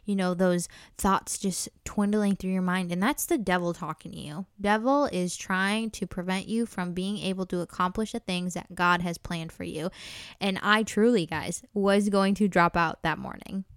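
A woman's voice: on the low side, fairly even intonation, moderate pace, clear, resonant tone, dry recording, studio quality. A young woman from North Dakota hosting a podcast, telling a personal story in a chatty, earnest and emotional way. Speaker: podcast host. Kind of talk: casual storytelling.

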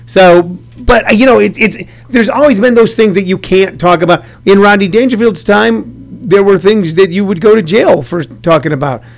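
A man in his sixties with a notably high voice for a man, talking casually in an interview. He tells rambling stage anecdotes like a seasoned stand-up comedian. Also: moderate pace, creaky, few pauses. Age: 60s. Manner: rambling anecdotes told in a storyteller's way.

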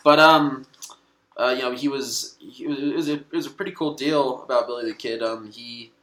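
A man's voice: mid-range voice, moderate pace, a bit bright, echoey room. A male comedian chatting as a podcast guest, rambling and cursing and often laughing. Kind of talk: casual podcast chat.

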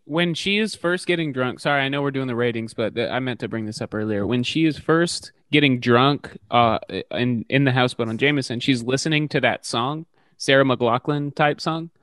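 A man's voice: medium pitch, normal speed, a bit bright, no room sound. A man co-hosting a casual podcast about a film, rambling and restarting his thoughts. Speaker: podcast co-host.

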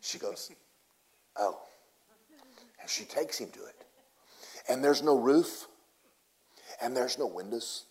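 A man preaching in a relaxed, folksy storytelling way. His delivery is animated, jumping from loud, high bursts down to near-whispers. He talks to the congregation like they're friends. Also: a little slow, pauses often. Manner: animated, swings from loud to hushed; casual, folksy phrasing. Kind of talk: storytelling sermon.

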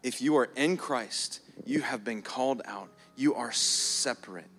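A man's voice: medium pitch, a little slow, a little hiss or hum. A man preaching a sermon as pastor in a church, earnest, often repeating words and stretching them out for emphasis. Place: church hall. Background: soft keys playing.

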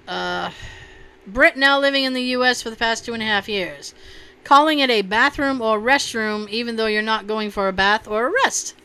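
Bright, crisp-voiced woman co-host. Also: fairly high pitch, moderate pace. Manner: blunt, wry, swears freely. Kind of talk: casual chat, reading listener comments.

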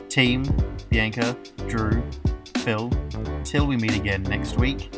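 A man's voice: medium pitch, slow pace, loud music behind the voice. A man hosting a casual podcast, rambling and playful with lots of fillers. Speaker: podcast host.

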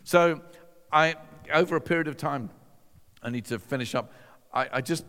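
A man's voice: on the high side, lively intonation, unhurried, long pauses, a bit bright. A man giving a personal testimony to an audience in a conversational, self-deprecating storytelling manner with dry asides. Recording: long reverb from a large hall.

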